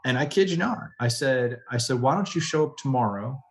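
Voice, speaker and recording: A man speaks as a guest on a podcast. He tells his story in an animated way, acts out the people he quotes, and laughs often. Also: mid-range voice, a little fast. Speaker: guest, general manager.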